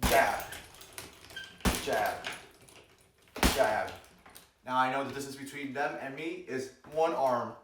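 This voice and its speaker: Fairly quick and with few pauses, a medium-pitched man teaches self-defense in a jokey vlog, energetically calling out each strike as he demonstrates and explains it with playful humor. The audio is noisy and roomy, captured from a distant mic.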